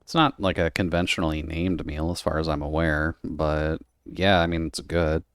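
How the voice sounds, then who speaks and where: Male streamer, very low and smooth, rambling chat with frequent laughs. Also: little pitch movement, moderate pace, a bit bright, dry recording, studio quality. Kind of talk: casual chat while gaming.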